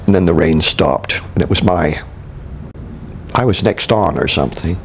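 An older man from Canada looks back on his years on stage. He speaks in a deep, gravelly voice, stopping and restarting his sentences and chuckling as he remembers. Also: a little hiss or hum. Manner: halting, with many restarts and chuckles. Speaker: interviewee, veteran stage actor. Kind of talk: reminiscing interview.

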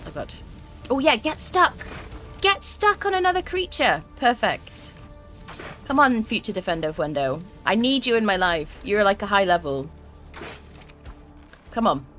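An excitable young woman narrates her own gameplay, talking straight to the creatures on screen and to her viewers. Her pitch sits in a middling range but swings widely from line to line, and faint game music plays softly behind her. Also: unhurried, long pauses. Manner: excitable, chatty, talks to creatures and chat. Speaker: game streamer. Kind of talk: let's play commentary.

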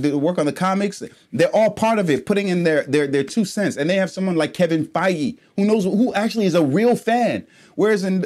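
A man hosting a casual reaction vlog, rambling and swearing as he swings between low, mumbled asides and heated, loud outbursts. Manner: rambling, profane, ranting. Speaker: reaction channel host.

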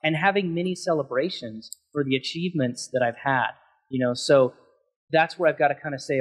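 A man's voice: fairly high pitch, fairly quick. A man speaking as a guest on an interview podcast, passionate and emphatic as he talks through his thoughts.

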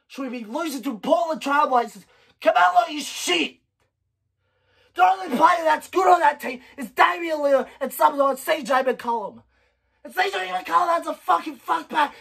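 A woman shouting a furious, swear-filled sports rant in her own vlog. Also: high voice, normal speed, gravelly, far from the mic. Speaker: sports fan vlogger.

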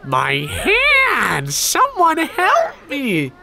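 A man voicing an injured little boy in a game, crying out in shrill, whiny screams. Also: wildly swooping pitch, drawn-out words, vocal fry, sharp tone, a little hiss or hum, heavily acted. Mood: panicked.

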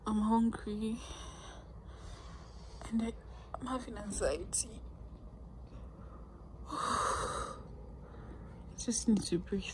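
A woman's voice: medium pitch, extremely slow, pauses often. A woman with a Nigerian English accent, vlogging in casual chat and talking expressively. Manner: expressive, swings between laughing and worried talk. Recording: noisy background ambience.

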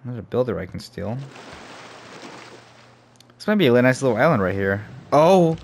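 A man's voice: medium pitch, sing-song, normal speed, creaky, a little hiss or hum. A young man giving casual let's play commentary, thinking aloud and swearing as he plays. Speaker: gamer. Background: faint game music.

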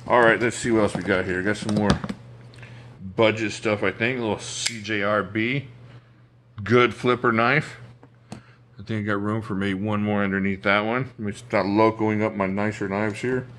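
A man's voice: on the low side, steady tone, normal speed, noisy background. A man casually showing his knife collection on camera, enthusiastic and jokey, chatting to himself as he handles each knife indoors at home. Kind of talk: casual show-and-tell talk to camera.

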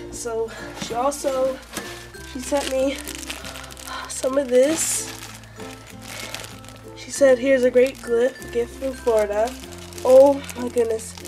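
A female vlogger, gushing and excitable, who is sick and sounds a little off while unboxing a package. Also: fairly high pitch. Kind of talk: unboxing vlog.

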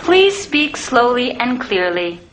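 A woman voicing a calm, courteous automated elevator voice that repeats its prompts in a sketch comedy. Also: fairly high pitch, takes it slowly, heavily acted. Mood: politely robotic. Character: polite automated female elevator voice. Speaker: voice-activated lift. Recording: studio audience laughter behind.

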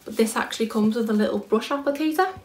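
A woman's voice: fairly high pitch, fast talker, a little mellow. A young British woman chatting casually through a beauty haul, thinking aloud as she works out prices. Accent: British English. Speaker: beauty vlogger. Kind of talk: casual product haul chat. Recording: echoey room.

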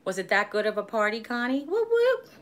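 A woman's voice: mid-range voice, fairly even intonation, fast talker, fairly bright tone. A woman in her forties chatting casually on a live stream, rambling and laughing easily. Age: 40s. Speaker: vlogger hosting a live stream.

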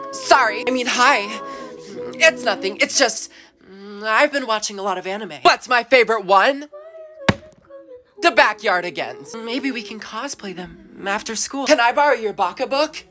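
Woman as a smug schoolgirl, high-ish voice, dramatic whines, clear music underneath. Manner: condescending, dramatic, whiny outbursts. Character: smug attention-seeking teen schoolgirl, show-off. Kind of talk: comedy sketch acting. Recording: music playing behind the voice.

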